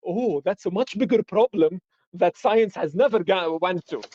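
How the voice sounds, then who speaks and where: A man's voice: high-pitched, moderate pace, a little mellow, no echo, muffled recording. A man lecturing on philosophy in a live-streamed discussion, explaining through examples and rhetorical questions.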